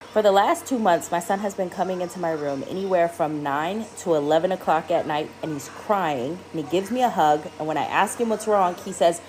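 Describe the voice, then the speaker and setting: A woman, a mother, telling a story to camera in an animated, incredulous way, jumping high on exclamations. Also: slight background noise.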